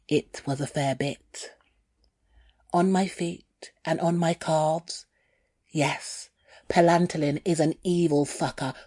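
Woman narrating her own story, breathy low-ish voice, dry close sound. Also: mellow, dry recording. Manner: candid, unhurried storytelling. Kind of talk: first-person memoir reading.

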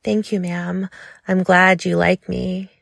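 A woman's voice: on the low side, little pitch movement, takes it slowly, creaky, no echo, studio quality, full character voice. A woman voicing a nervous, eager young man who is polite and submissive, jumpy and stammering as he answers. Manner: jumpy, stammering, says ma'am.

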